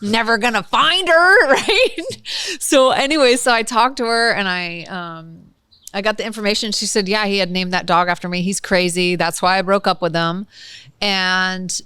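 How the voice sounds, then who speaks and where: A woman prosecutor telling a case story in a casual, animated way, laughing and acting out the people in it, on a filmed podcast. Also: medium pitch, normal speed, clean tone, no echo. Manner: animated, laughing, acts out the people in her stories.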